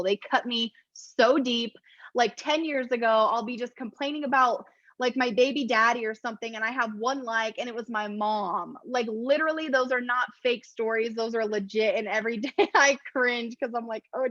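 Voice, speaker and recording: A chatty woman gives a casual motivational talk, laughing often and poking fun at herself. Her voice sits somewhat high. The recording is dry and a little dull. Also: fairly bright tone, no room sound. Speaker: network marketing presenter.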